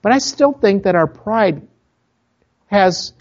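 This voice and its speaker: A pastor from Minnesota with a Minnesotan accent, preaching a sermon in a conversational storytelling way, full of asides to the congregation. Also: male voice, high voice, lively intonation, slow, darkish tone, highs cut off. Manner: conversational, with self-interrupting asides.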